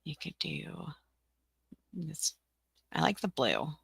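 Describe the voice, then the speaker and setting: A woman's voice: low voice, huge pitch swings, slow pace, creaky, a bit bright, slightly rough, no echo. A woman from Tennessee hosting a casual livestream tutorial, chatty and giggly, rambling with lots of fillers. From Tennessee, USA. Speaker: livestream host.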